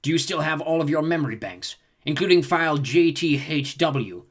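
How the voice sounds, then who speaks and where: A man voicing an old, gloating male Hutt crime lord in an audiobook, loud and booming. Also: lively intonation, normal speed.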